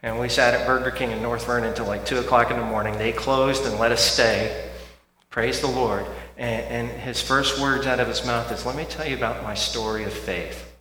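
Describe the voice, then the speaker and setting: A man preaching a sermon in a church, talking conversationally and swinging from quiet reflection to loud emphasis. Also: mid-range voice, fairly even intonation, normal speed. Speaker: pastor. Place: church sanctuary. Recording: echoey hall with faint hum.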